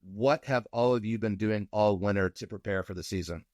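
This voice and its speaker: A man's voice: lowish voice, darkish tone, dry recording, studio quality. A man hosting a podcast, upbeat and joking as he introduces guests in casual chat. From Indiana, USA. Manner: upbeat, laughing, quick introductions. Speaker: podcast host.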